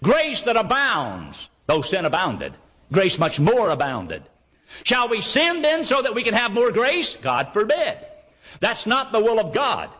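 A male preacher with a high, bright voice that swoops up and down as he preaches. He reads old scripture aloud and throws out emphatic questions, then answers them himself. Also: huge pitch swings, a little slow. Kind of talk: sermon with scripture reading.

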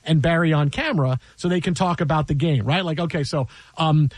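A man with a high, lively voice hosts a sports radio show from the studio. He tells stories with energy, acts out what people said and laughs easily. The sound is close and dry. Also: fairly quick, no echo. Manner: animated storyteller, acts out quotes, laughs often. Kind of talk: casual sports radio chat. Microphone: studio mic.

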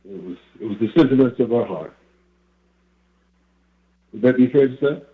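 A man's voice: medium pitch, animated, moderate pace. A man hosting a casual chat, reflecting on family sayings and chuckling between thoughts. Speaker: host. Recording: phone-like line.

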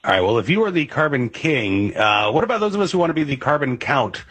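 A male radio talk show host with a mid-pitched, slightly husky voice. He asks questions conversationally, with plenty of fillers and restarts. His studio sound is close and dry. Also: big pitch swings, quick pace, fairly bright tone, no echo. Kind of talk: radio interview.

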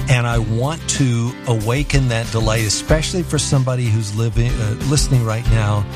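Encouraging radio host over music. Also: medium pitch. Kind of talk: radio interview.

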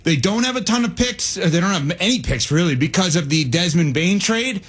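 A man hosting sports radio talk, animated and talkative, out of breath and dropping into quoted asides. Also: high voice, a little fast, husky.

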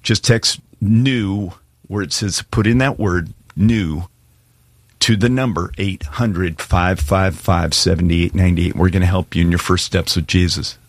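A man preaching a sermon as pastor, earnest and pleading, slowing and speeding up for emphasis as he calls listeners to respond. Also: low voice, fairly even intonation, dry recording. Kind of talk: sermon with altar call.

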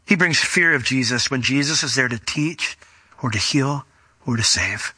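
A middle-aged man preaching a sermon, animated and acting out the voices he quotes. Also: mid-range voice, normal speed, breathy edge, dry recording. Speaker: pastor.

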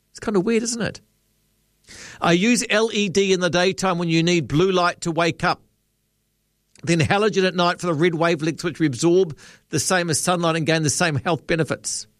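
A man hosting a talkback radio show, chatting in a relaxed, musing way with frequent ums and trailing questions. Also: fairly high pitch, dry recording, clean studio sound. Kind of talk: late-night talkback radio chat.

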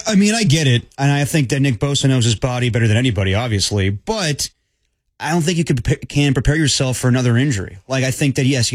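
A man co-hosting a casual sports podcast, giving animated, opinionated takes. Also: mid-range voice, no echo. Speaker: podcast co-host.

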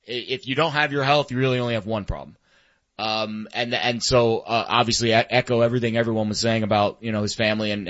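A man's voice: fairly low pitch, fairly bright tone. Reflective man with muffled sound. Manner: reflective, many fillers and restarts. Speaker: sports talk co-host. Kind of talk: casual sports chat. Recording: dull lo-fi sound.

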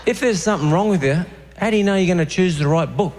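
A man with an Australian accent performing a stand-up comedy routine, telling deadpan stories and acting out the voices of other people. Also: high-pitched, fast talker, very noisy. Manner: deadpan storytelling with acted-out voices.

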